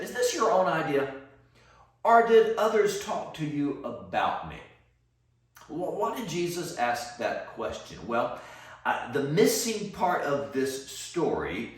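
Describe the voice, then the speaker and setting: A man, preaching a Bible teaching sermon as a pastor, measured and explanatory, acting out quoted lines. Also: fairly high pitch, big pitch swings. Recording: echoey room, from a distance.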